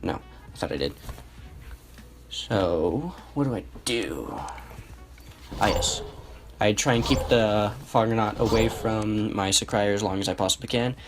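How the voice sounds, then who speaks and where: A fairly low-pitched young man talks through a replay of his own match in a relaxed, unscripted way, often stopping to correct himself. Quiet music plays behind him. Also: a little slow, pauses often. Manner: relaxed, self-correcting, thinks aloud. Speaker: gameplay commentator. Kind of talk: casual match commentary over gameplay.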